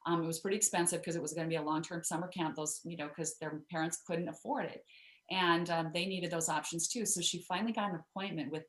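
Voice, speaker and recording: A woman's voice: lowish voice, steady tone, quick pace, roomy sound. A woman guest author telling a story in an interview, chatty with many fillers and restarts.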